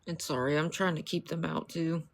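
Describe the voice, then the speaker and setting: A livestreamer with a creaky, gravelly voice of middling pitch, talking casually to a chat. The delivery is apologetic and pleading, with the same appeal repeated again and again, and it sours into bitter anger at a rival. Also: fairly even intonation, moderate pace. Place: indoors with dogs.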